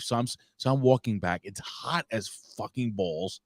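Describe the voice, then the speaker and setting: A man's voice: medium pitch, expressive, moderate pace, dry recording, studio quality. A man, co-hosting a casual podcast and telling a rambling, profane story. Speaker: co-host.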